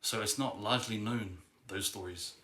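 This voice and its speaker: A man's voice: fairly low pitch, fairly even intonation, moderate pace, pushed and bright. A young man telling a family history story casually, rambling and hesitant, with many fillers and restarts. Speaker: vlogger. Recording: echoey room.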